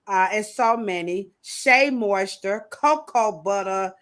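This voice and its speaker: Podcast hostess, bright clear voice, animated and emphatic, riffs and jokes with the chat. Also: female voice, medium pitch, slow. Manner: animated, emphatic, joking rants. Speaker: podcast host. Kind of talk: casual chat.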